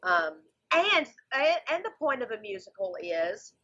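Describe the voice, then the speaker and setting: A woman's voice: a little high, sing-song, a little slow, bright, forceful tone, dull audio. A woman comedian chatting as a podcast guest, talking at length with enthusiasm. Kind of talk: casual podcast chat.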